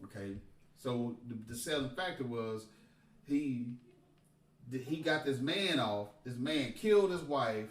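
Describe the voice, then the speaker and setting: A man spins a profane, emphatic tale, leaning hard on the punchlines. His voice sits at an ordinary pitch. He sounds a little off-mic, in an echoey room. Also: unhurried. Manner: animated, profane, emphatic retelling. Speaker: podcast storyteller. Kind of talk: casual storytelling. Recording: roomy and distant from the mic.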